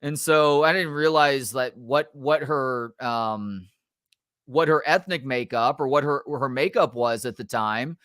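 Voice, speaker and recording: A middle-aged man, a sports talk show host, telling a story in a casual, animated and exasperated way, swearing now and then. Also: mid-range voice, measured pace, no room sound, studio quality.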